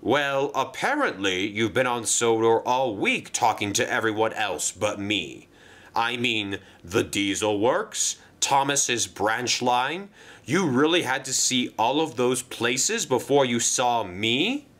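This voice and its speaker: A man's voice: mid-range voice, animated, takes it slowly, fairly bright tone. A man voicing a proud, indignant big engine in a pompous tone.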